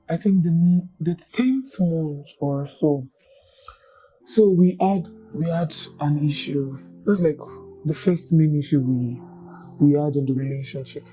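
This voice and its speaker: Chatty Nigerian woman with a mellow low voice. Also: rough recording. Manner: chatty and animated, repeats words, mixes in Yoruba and pidgin phrases. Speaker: storyteller recounting her own relationship. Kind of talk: candid personal testimony, casual storytelling.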